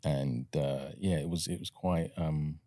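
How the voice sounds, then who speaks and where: A middle-aged British actor with a received pronunciation accent, talking softly and thoughtfully in a relaxed interview, often pausing with ums. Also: male voice, very deep voice, no room sound. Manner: soft-spoken and reflective, pauses with ums and uhs. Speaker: actor, guest.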